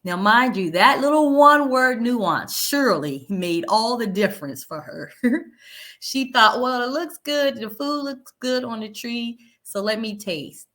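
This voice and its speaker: A woman leading a Bible study, reading verses aloud and explaining them in a conversational, animated way. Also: fairly high pitch, a little slow. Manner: animated, conversational, laughs lightly, paraphrases verses in everyday speech.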